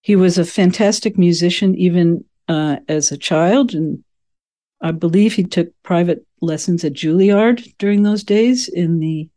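Woman, 60s, from the United States, interview guest, relaxed mellow tone, anecdotal, digressive. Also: lowish voice, unhurried. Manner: rambling, anecdotal, frequent ums and asides. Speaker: podcast guest. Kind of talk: conversational family storytelling.

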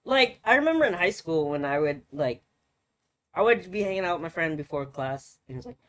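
A man's voice: fairly high pitch, fairly quick. Young guy on a podcast, voice jumps all over, cussing and joking around. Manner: animated, swearing storyteller, laughs at himself. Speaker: podcast co-host. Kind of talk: casual chat.

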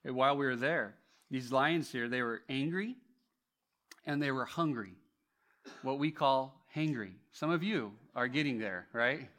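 A male pastor preaching a sermon, telling a story with animated swings between loud emphasis and hushed tones, often restarting his words. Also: medium pitch, unhurried. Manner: frequent restarts and repeated words.

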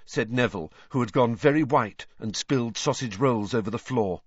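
Male reader for audiobook narration, measured and expressive, dry booth, a bit dull. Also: medium pitch, breathy edge, no room sound. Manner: measured storytelling. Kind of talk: scripted narration. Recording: dry, slightly dull studio recording.

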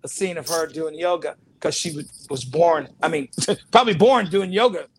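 Actor guest, high voice, animated storyteller, slight background noise. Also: male voice, moderate pace. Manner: animated storyteller, laughs often, acts out quotes. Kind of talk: casual storytelling interview.

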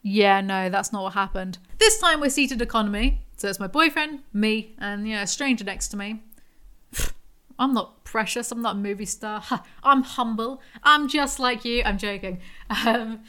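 A woman's voice: a little high, normal speed, sharp tone, clear, resonant tone. A young woman hosting a solo podcast, telling her own stories in a chatty, self-mocking way. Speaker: podcast host. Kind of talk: casual solo storytelling.

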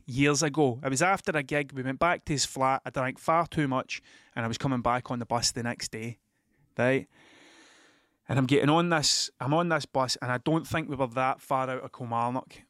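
A man's voice: medium pitch, a bit bright, no echo, clean studio sound. Sweary Scottish man telling stories. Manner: sweary, laughing, rambling anecdotes. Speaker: podcast host. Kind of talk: casual storytelling monologue.

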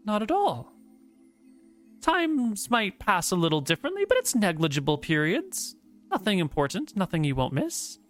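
A woman voicing a gentle, motherly female dryad who stays calm and unbothered. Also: mid-range voice, normal speed, soft background music, pitched above the performer's own voice, natural voice. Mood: serene.

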